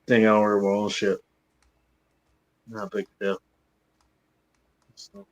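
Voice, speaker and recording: A man's voice: on the low side, little pitch movement, takes it slowly. A man hosting a casual livestream chat, rambling and swearing freely, with hiccups. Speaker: podcast host.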